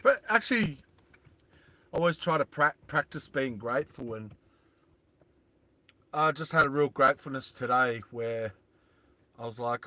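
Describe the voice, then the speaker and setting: A man's voice: medium pitch, lively intonation, measured pace, long pauses, pushed and bright. An Australian man streaming live from inside his van, rambling casually and greeting viewers as they join. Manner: rambling, greets viewers and answers chat aloud. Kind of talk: casual livestream chat.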